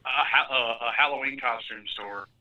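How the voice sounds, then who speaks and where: Regular co-host, man, wry deadpan quips, dull lo-fi line. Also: medium pitch, moderate pace. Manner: dry, joking asides. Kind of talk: live call-in sports talk.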